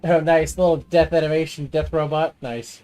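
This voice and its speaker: A woman's voice: low-pitched, steady tone, normal speed, dark tone, faint music behind. A woman streaming a game, chatting casually, swearing and teasing with jokes. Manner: profane, teasing, jokey. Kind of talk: casual gaming stream chat.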